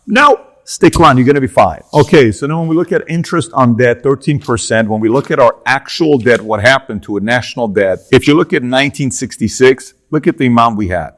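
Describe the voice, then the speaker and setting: A man talks through financial charts in a punchy, conversational commentary voice. He repeats himself for emphasis and keeps turning to the viewer with asides. His pitch sits in an ordinary middle range. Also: a little fast, hardly any pauses. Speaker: political commentator. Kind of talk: animated commentary over charts.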